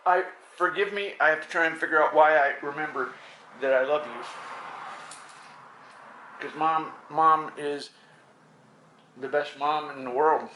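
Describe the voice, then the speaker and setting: Guy ranting to his own camera, bright sharp voice, swears a lot, keeps restarting. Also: fairly high pitch, unhurried, pauses often, a little hiss or hum, low-quality recording. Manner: agitated, profane, rambling with many restarts. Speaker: self-recording programmer. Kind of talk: rambling self-filmed monologue.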